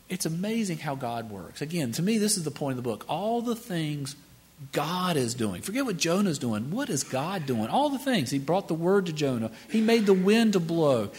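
A man preaching a sermon in a conversational, animated way, often chuckling and restarting his sentences. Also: a little high, breathy edge.

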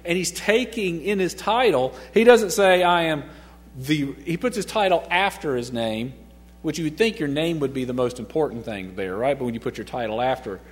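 A middle-aged man teaches the Bible in a loose, chatty way, often chuckling and putting questions to his listeners. His voice sits a little higher than most men's. It rings with the long reverb of a large room. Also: animated, normal speed.

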